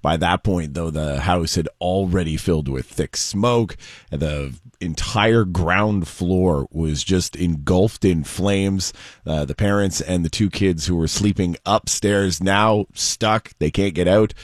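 A man co-hosting a radio show, briskly telling news stories in a casual way, his throat a little rough. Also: low-pitched, dry recording, clean studio sound. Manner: brisk storytelling of news items. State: slightly hoarse throat. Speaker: radio co-host.

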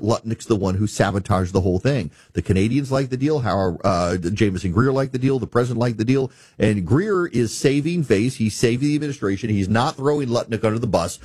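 A man's voice: on the low side, darkish tone, breathy edge, no room sound, clean studio sound. A man hosting a talk radio show, giving emphatic, exasperated political commentary.

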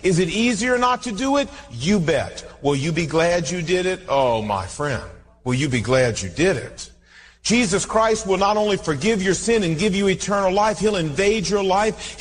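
A preacher with a high voice delivers an animated sermon, acting out the people in his stories. His voice rings with the long reverb of a large church hall. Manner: animated storytelling, acts out dialogue. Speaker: pastor.

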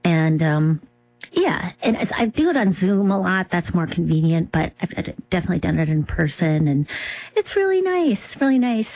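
A woman comedian from Minnesota, talking in a halting, self-deprecating way as an interview guest. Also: on the low side, big pitch swings, no echo, highs cut off. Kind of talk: casual interview talk.

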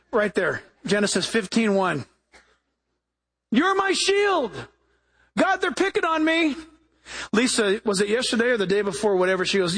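A man's voice: very high-pitched, fairly bright tone. A man preaching a sermon who tells stories and acts out the people he quotes, often repeating himself as he builds a point. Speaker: pastor.

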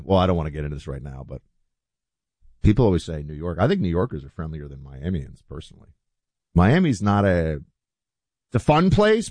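Animated low-voiced male talk show host. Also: no room sound. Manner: animated, conversational, chatty asides. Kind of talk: opinion talk show commentary.

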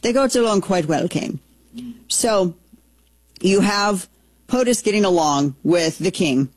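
A woman's voice: mid-range voice, expressive, measured pace, slightly rough, no echo. A woman hosting casual political commentary, opinionated and chatty, thinking aloud as she goes.

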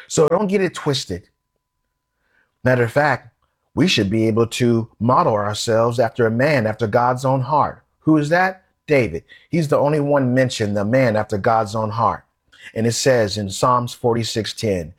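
A man's voice: medium pitch, unhurried, slightly rough. A man preaching a sermon in a conversational, emphatic way, posing questions to his listeners.

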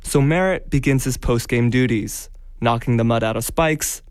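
A man's voice: medium pitch, normal speed, no room sound, studio quality. A man narrating a radio story in a playful, wry scripted way.

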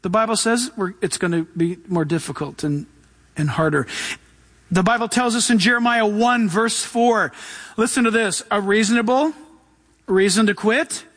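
A man's voice: sits high, normal speed, a bit bright. A man preaching a sermon, emphatic and punchy, who keeps saying "listen" and acts out voices as he preaches. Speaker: pastor.

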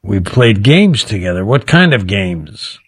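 A man's voice: fairly low pitch, big pitch swings, a little slow, slightly rough, no echo, studio quality. A man hosting a radio talk show, teasingly quizzing a mystery guest. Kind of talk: playful radio interview.

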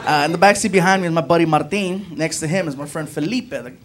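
Man, stand-up comedian, high voice, animated storytelling, yelled character bits, club noise behind. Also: fast. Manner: animated, acts out friends in loud yelled voices.

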